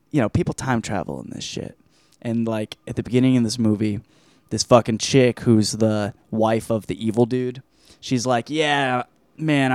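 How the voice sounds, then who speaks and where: A man's voice: medium pitch, clean tone, dry recording, clean studio sound. A man hosting a podcast, reviewing a film in a loose, rambling monologue full of swearing and restarts. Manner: loose, profane, animated, trails off often.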